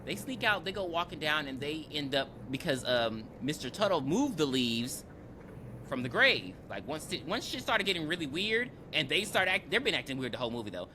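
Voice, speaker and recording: Over a noisy background, a podcast co-host recaps a film in a brisk, medium-pitched voice. Animated and casual, they act out the characters' lines, swear freely, and call listeners baby.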